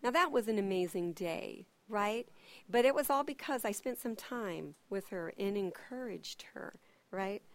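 A middle-aged woman teaching at a church, who tells personal stories in an animated way and acts out what people said. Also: medium pitch, a little slow.

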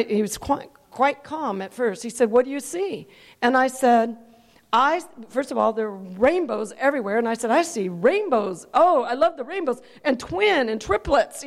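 High-voiced woman preaching with fervor. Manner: animated, rises to near-shouting when telling dramatic parts. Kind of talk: sermon storytelling.

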